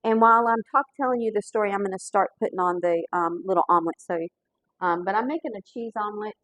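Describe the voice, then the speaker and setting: A woman's voice: mid-range voice, fast, fairly bright tone, no echo, rough recording. Earnest woman telling stories. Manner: earnest, folksy, with frequent restarts and fillers. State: holding back tears. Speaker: pastor and cooking show host. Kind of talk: heartfelt storytelling while cooking.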